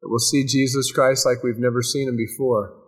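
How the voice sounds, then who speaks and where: A male pastor delivers a sermon in a mid-pitched voice. He preaches emphatically, building repeated phrases and leaning on dramatic pauses. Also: little pitch movement, slightly rough.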